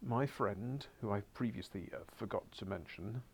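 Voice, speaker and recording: A low-voiced man with a gravelly edge, teaching a beginners' class. He coaxes his pupils through the work, slipping in dry asides and dropping now and then to a muttered whisper. He sounds like he is standing in a school classroom. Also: moderate pace. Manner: coaxing, wry asides, drops to muttered whispers. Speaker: Spanish teacher.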